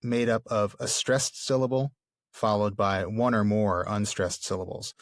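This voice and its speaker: In a casual literary discussion, a podcast co-host talks through a book thoughtfully, using lots of fillers. He has a lowish, steady, unhurried voice, recorded dry with studio quality.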